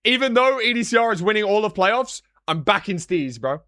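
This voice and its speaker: A young British man chatting casually on a live stream, joking and sarcastic, with quick swings in energy. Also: sits high, sing-song, pushed and bright, no echo, clean studio sound. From Britain. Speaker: streamer and analyst.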